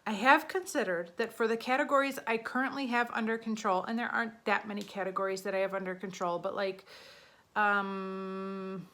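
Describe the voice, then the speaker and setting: A woman's voice: medium pitch, steady tone, moderate pace, pushed and bright. A woman in her thirties talking casually to the camera as a beauty vlogger, chatty and a little flustered as she counts out her numbers.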